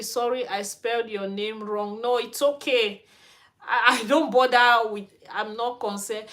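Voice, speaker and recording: Her fairly bright voice runs on the high side. The speaker is a woman from Cameroon with a Cameroonian accent who hosts a hair care channel, speaking frankly and ranting as she chats on a livestream in Sweden.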